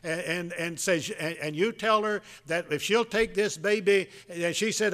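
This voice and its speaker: A man preaching a folksy sermon, telling a Bible story in a halting way with many filler sounds. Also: high voice, a bit bright.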